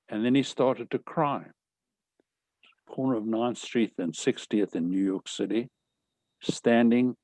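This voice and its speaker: A man's voice: medium pitch, measured pace, pauses often, darkish tone, no room sound. Earnest older man telling his story. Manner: earnest, emotional storyteller who retells conversations. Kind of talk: personal storytelling talk.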